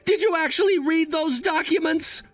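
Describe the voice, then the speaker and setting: A man's voice: extremely high pitch, normal speed, no room sound, faint music behind. A man voicing a young adult son who coolly and firmly lectures his mother. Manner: cool, firm, lecturing.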